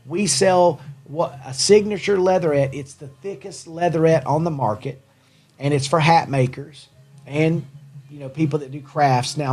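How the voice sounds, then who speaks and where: A man's voice: on the high side, darkish tone. A man hosting a casual livestream, rambling about his products and thanking viewers in the chat. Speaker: livestream host and small business owner.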